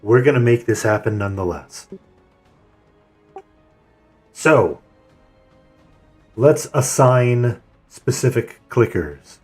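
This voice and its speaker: Male raid leader, mid-pitched, measured and organized, light music underneath. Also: husky. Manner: calm, methodical, assigns tasks. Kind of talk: voice chat while gaming.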